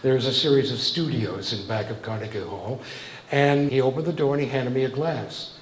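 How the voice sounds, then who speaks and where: A man's voice: mid-range voice, normal speed, reverberant, a little hiss or hum, rough recording. An older man, a cabaret singer-songwriter, telling a wry, conversational anecdote between songs at a live venue.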